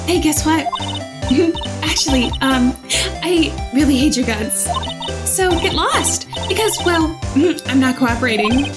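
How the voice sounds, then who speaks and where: A woman's voice: high-pitched, lively intonation, takes it slowly, pitched above the performer's own voice. A woman voicing a rude, dismissive young woman who taunts and giggles while refusing to help, in a game playthrough. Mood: taunting. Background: game music.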